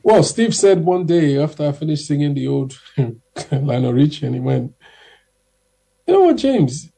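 A young man telling stories in a casual, animated way as a guest, acting out the people he quotes. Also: fairly high pitch, moderate pace, vocal fry. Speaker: guest singer. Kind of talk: casual storytelling.

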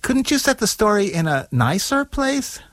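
A man plays a cheeky character who defies his narrator, and his pitch leaps around as he talks. The sound is close and dry. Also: sing-song, moderate pace, a bit bright, no room sound. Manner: questioning, stubborn. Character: cheeky defiant story character.

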